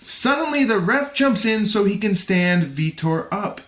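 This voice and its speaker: A man's voice: sits high, lively intonation, measured pace, fairly bright tone, roomy sound. A man narrating a fight play-by-play for a podcast review, with jokes along the way. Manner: reads play-by-play, jokes and laughs. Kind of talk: narrating fight recap with banter.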